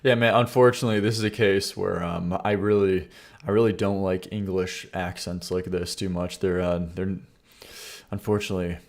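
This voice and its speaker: A man's voice: sits low, fairly even intonation, normal speed, creaky, faint music behind. A young man streaming live, reviewing songs in casual chat, blunt and joking as he reads and argues with his chat. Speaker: streamer reviewing viewer song submissions.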